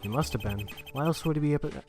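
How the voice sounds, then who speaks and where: A man's voice: fairly high pitch, quick pace, music in the background, lightly acted. A man doing a brash Australian cop. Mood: blunt. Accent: put-on Australian. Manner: brash, sarcastic, rambling. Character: brash blunt male police detective.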